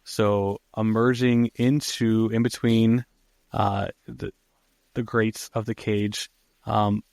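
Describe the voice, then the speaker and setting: A man with a fairly low voice hosts a podcast and walks through a film scene by scene in a relaxed, chatty way. His talk is loose and full of ums and uhs. The sound is close and dry, with no room around it. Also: slow pace, dry recording. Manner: laid-back, lots of fillers like um and uh. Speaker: podcast host. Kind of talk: casual film recap chat.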